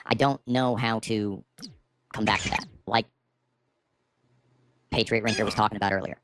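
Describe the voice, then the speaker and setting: Seated at home with a streaming microphone on auto gain, a middle-aged man delivers a bitter, profane livestream rant about his life. His lowish, slightly bright voice has fairly even intonation and a moderate pace, with slight background noise.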